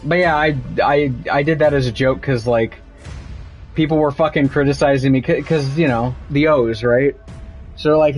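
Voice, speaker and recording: Canadian guy streaming a game; loose, foul-mouthed banter over quiet music. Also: medium pitch, steady tone, normal speed. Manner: swears constantly, laughs at his own stories. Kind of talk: casual chat while gaming.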